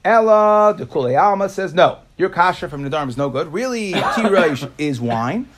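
A man's voice: sits high, expressive, normal speed. Man teaching a Talmud class. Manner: explains in bursts, asks rhetorical questions and answers them.

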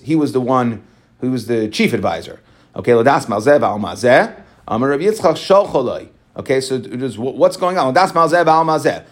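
Casual man teaching a Talmud class. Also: medium pitch. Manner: reads Aramaic quickly, then explains in casual English with many "right?" and "okay". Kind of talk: Talmud class, reading and explaining.

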